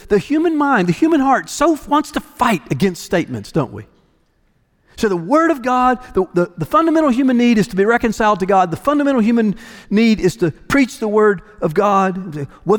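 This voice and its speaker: A man's voice: high-pitched, big-room sound. A male pastor preaching a sermon with an emphatic, repetitive cadence.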